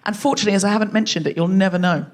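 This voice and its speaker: A woman's voice: medium pitch, very fast. Woman hosting a live comedy podcast in a theatre, chatty and teasing, bit of hiss behind. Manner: chatty, self-mocking, teasing the audience. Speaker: podcast host. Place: theatre stage before a live audience.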